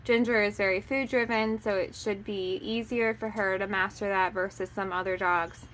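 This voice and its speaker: A woman dog trainer calmly explaining puppy training, methodical and often pausing to hesitate. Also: mid-range voice, a little hiss or hum. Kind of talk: instructional explanation.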